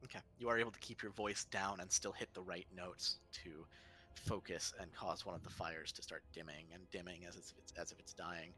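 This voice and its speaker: A man running a tabletop game as game master, narrating scenes and asking for rolls in a loose, relaxed way. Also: sits low, fairly quick, slight background noise. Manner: relaxed, loose, swears casually.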